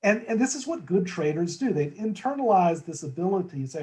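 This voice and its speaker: A man's voice: sits high, very animated, fairly quick, hardly any pauses, darkish tone, rough recording. A man as a guest in a conversational market discussion, talking thoughtfully with frequent restarts and tag questions.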